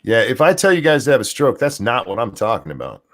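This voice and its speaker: A man's voice: mid-range voice, big pitch swings, fast talker, a bit bright. A man co-hosting a livestream in casual chat, reading out and thanking viewers' donations. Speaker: co-host.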